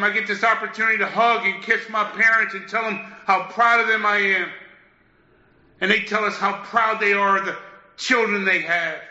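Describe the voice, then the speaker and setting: A man's voice: high voice, bright, forceful tone. A man giving a candid, emphatic personal share at a recovery meeting, often throwing in "man" and "listen". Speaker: speaker sharing at a recovery meeting. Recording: dull lo-fi echoey room.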